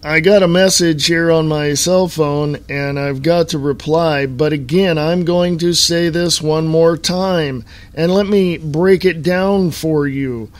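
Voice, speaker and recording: A man hosting his own podcast in a talk-radio monologue style, hammering points home with slow, stressed words and repeats. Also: on the high side, fairly even intonation. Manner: emphatic, repetitive, slowed stress on key words. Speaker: podcast host.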